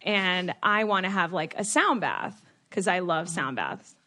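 A woman's voice: lowish voice, measured pace, no echo. A woman in her thirties co-hosting a podcast, telling stories in casual chat and acting out her parents' lines. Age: 30s. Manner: animated storyteller mimicking her parents. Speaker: podcast co-host.

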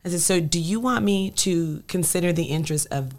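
Emphatic low-voiced woman. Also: brisk. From Illinois. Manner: emphatic, rallying. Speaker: state senator guest. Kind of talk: political chat.

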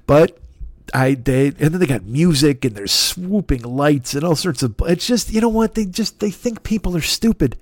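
A man's voice: fairly high pitch, expressive, normal speed, no echo, studio quality. A man hosting a podcast, ranting in a casual comic way, swearing often and sounding exasperated. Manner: profane, exasperated, emphatic. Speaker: podcast host. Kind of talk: casual comedic rant.

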